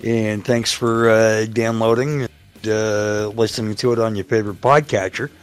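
A man's voice: on the low side, flat delivery, normal speed, smooth, soft background music. A man hosting a casual podcast, talking in a laid-back way with plenty of uhs and ums. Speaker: podcast host.

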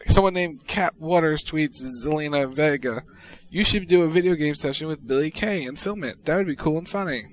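A man co-hosting a podcast, reading out tweets in casual chat with a wry, deadpan delivery. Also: a little high, brisk, poor audio. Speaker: podcast co-host.

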